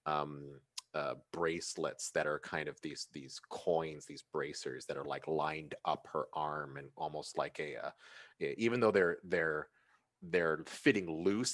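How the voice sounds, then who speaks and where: A man's voice: a bass voice, a bit bright, no room sound, studio quality. A man narrating a tabletop game as game master in a rambling style with lots of fillers.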